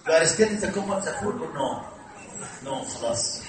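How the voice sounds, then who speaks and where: An older man with an Egyptian accent preaches with real fervor, switching between English and Arabic and calling on the crowd to repeat after him. His voice sits high for a man. The sound comes from a distance, with heavy echo from a large hall and faint noise underneath. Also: fast. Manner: animated preaching, mixing English with Arabic, rallies audience call-and-response. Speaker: priest. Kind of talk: sermon. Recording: echoey hall from far off.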